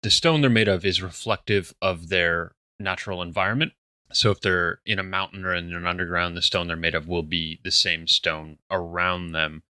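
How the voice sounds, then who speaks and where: Male host, low and dry; storyteller narration into easy, informed chat. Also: clean tone, no room sound. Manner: measured storyteller, then relaxed and knowledgeable. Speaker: podcast host. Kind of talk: dramatic second-person scene narration, then casual chat.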